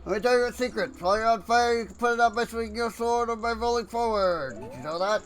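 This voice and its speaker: A man's voice: extremely high pitch, fast talker, faint music behind, pitched above the performer's own voice. Man doing a side-mouthed Goron rock creature. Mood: chatty.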